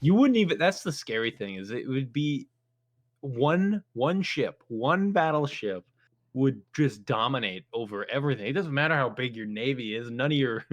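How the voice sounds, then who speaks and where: A man's voice: medium pitch, lively intonation, moderate pace, no room sound, dull audio. Jokey laughing man on a podcast. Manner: laughs often, jokey storytelling with put-on voices. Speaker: podcast co-host. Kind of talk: casual chat. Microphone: headphones.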